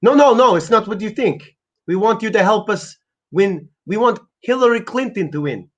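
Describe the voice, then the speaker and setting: A man's voice: high-pitched, animated, moderate pace, voice pushed up. A man voicing a scheming, pushy male official on a prank call who keeps saying "my friend", in a raised, put-on voice. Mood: coaxing. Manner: ingratiating, repeats "my friend". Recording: lo-fi muffled recording.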